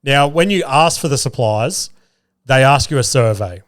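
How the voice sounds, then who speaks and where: A young adult man with an Australian accent, telling a story on his podcast. He acts out each exchange and swears freely, at an average pitch. The recording is dry and close. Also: moderate pace, no echo. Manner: animated storyteller acting out dialogue, swearing freely. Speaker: podcast host. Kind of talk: casual storytelling.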